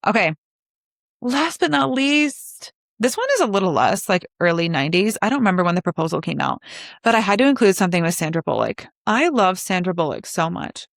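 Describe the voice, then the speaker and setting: A woman's voice: fairly low pitch, very animated, brisk, gravelly, no room sound, clean studio sound. A young woman in her twenties hosting a podcast alone, chatting casually and animatedly with lots of likes and asides. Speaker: podcast host. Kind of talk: casual solo podcast chat.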